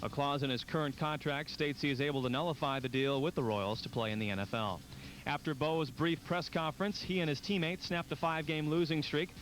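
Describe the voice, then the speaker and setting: A man reading sports headlines as a news anchor, crisp and formal. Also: a little high, a little fast, fairly bright tone, rough recording. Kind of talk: news read. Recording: news read over music. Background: music.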